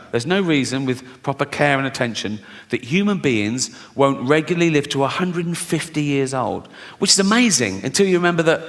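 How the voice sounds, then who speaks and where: A middle-aged man does stand-up in a big hall, his bright voice ringing out with a long reverb tail. He tells stories in a loose, conversational way, swears freely and slips into the voices of the people he quotes. His pitch sits a little higher than most men's. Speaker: stand-up comedian. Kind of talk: stand-up comedy routine. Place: large theatre with audience. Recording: live stage mic in reverberant hall. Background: audience laughter.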